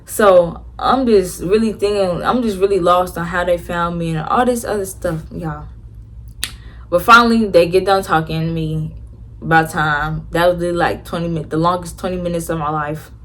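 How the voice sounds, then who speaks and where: A woman's voice: on the low side, steady tone, normal speed, slight background noise. A teenage girl telling a story to her viewers in a casual, slangy way, with many fillers and restarts. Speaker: vlogger.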